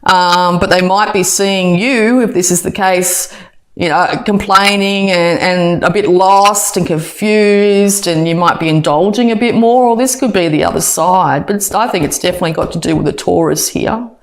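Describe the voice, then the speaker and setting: A woman's voice: on the low side, moderate pace. A woman giving a casual tarot reading, chatty and full of fillers and restarts. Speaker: tarot reader.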